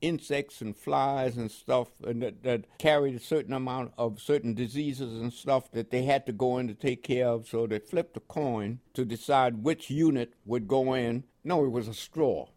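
A man's voice: mid-range voice, normal speed, hardly any pauses, darkish tone, no room sound. An older American man telling his story in an oral history interview, in a chuckling storytelling manner with repeated words. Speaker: interviewee, WWII veteran.

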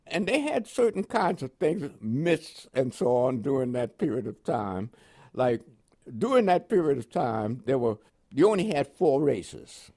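An older man from Panama, whose first language is French, tells his life story in an oral history interview. His New York accent carries West Indian inflections, and his fairly high voice has a breathy edge. He's a lively, animated storyteller who acts out the voices he quotes.

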